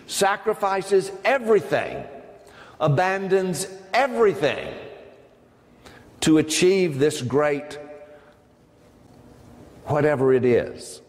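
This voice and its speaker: A man lecturing in a large hall, his somewhat high voice trailing into a long echo. He speaks slowly and discursively, pausing on ums and turning aside to address the audience. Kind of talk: academic lecture to a live audience.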